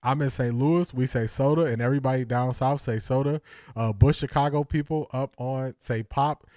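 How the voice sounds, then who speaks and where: A man's voice: mid-range voice, steady tone, normal speed, darkish tone, no echo, studio quality. A man from Ohio, hosting a casual livestream, joking with chat, laughing often and repeating lines for effect. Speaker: sports talk livestream host reading chat.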